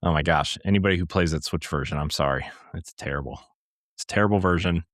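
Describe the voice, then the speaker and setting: A man co-hosting a gaming podcast, chatting casually in a rambling, animated way with lots of fillers. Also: low voice, fast talker, no echo, studio quality. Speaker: podcast co-host. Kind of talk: casual chat.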